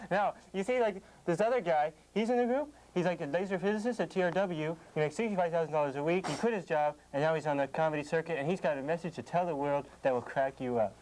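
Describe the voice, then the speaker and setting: A man's voice: fairly high pitch, quick pace, few pauses, a little mellow, natural voice, poor audio. An actor playing a pushy, wheedling talent agent selling his act. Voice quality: wheedling, salesy. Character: pushy fast-talking male talent agent.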